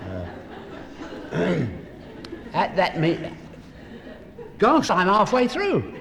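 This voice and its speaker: A man's voice: high voice, huge pitch swings, extremely slow, a bit bright. A middle-aged man, an actor, telling chatty anecdotes to an audience on stage with asides and chuckles, speaking into a stage microphone. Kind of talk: anecdotal stage talk and poem reading. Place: hall with a live audience. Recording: echoey hall, faint noise.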